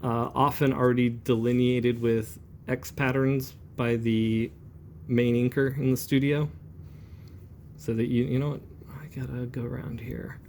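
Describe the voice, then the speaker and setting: A man in his forties, a comic book inker, chatting in a relaxed, rambling way as he demonstrates brush inking. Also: mid-range voice, a little slow, slight background noise.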